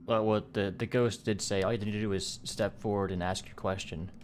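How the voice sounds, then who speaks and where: Guy game mastering a tabletop game, lowish voice, easygoing narration. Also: steady tone, brisk, slight background noise.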